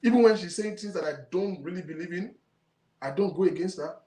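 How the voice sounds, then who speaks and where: His voice is high and dark in tone, moving fairly quickly as this Nigerian-accented man rants on his own talk show. He's indignant and emphatic, repeats himself, and mixes in Yoruba, recorded with an echoey room sound.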